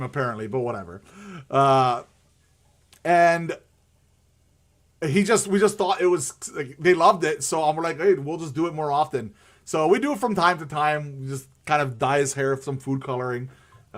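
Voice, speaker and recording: A man hosting a live stream, chatting casually about hockey in a rambling way with many fillers and restarts. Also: mid-range voice.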